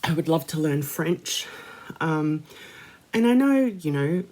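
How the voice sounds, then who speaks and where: An Australian woman answering viewer questions in a casual vlog, speaking with careful, clear enunciation and a trained singer's voice control. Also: low voice, animated, takes it slowly, dark tone. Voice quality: trained singing voice. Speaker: craft video host. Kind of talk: casual Q&A to camera.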